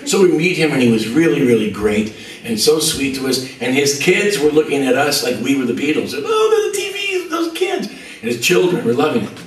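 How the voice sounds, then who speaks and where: A man's voice: medium pitch, fairly quick. Man spinning a story, roomy and distant. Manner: lively, acts out other people's voices. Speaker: musician telling a story. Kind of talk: anecdotal storytelling.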